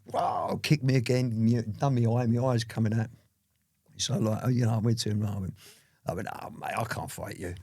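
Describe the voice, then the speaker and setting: A man telling his daughter stories from his life in a lively, anecdotal way. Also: mid-range voice, normal speed, no echo, studio quality. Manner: lively anecdotal storytelling, full of "you know what I mean". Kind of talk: casual storytelling interview.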